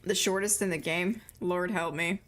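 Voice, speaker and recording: A woman's voice: lowish voice, fairly even intonation, moderate pace, fairly bright tone. A young woman streaming a video game, chatting casually with her viewers and muttering to herself, a self-described mumbler. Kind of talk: casual live-stream chatter while playing.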